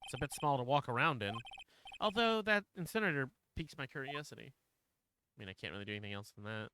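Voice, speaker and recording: A man's voice: medium pitch, expressive, fast, bright, forceful tone, a little hiss or hum. A man streaming a story game, reading its text aloud with casual, swearing commentary.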